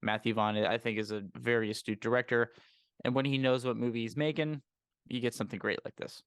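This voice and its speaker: A man hosting a casual movie chat, animated and emphatic, quick to laugh. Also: mid-range voice, smooth, dry recording, studio quality. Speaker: podcast host.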